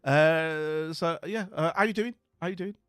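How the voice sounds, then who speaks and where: A man's voice: fairly high pitch, unhurried, fairly bright tone, clean tone, dry recording, clean studio sound. A man chatting with his stream viewers, friendly and rambling, with lots of fillers and restarts. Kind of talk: casual chat.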